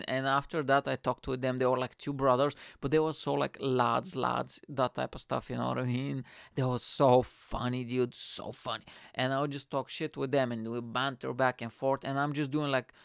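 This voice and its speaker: Man, gravelly yet smooth voice, dry close sound, rambling casual storytelling, swears a lot. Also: medium pitch, no echo. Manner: rambling, profane, animated quotes. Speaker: stand-up comedian.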